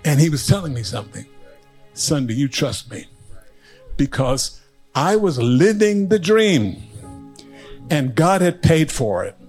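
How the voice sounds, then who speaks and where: An older male pastor preaching to a congregation, his voice sitting fairly high for a man. He moves between quiet, confiding stories and lifted, emphatic declarations, with soft music playing faintly underneath. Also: very animated, a little slow, pauses often. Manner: storytelling, swings from hushed to rising and emphatic. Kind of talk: sermon.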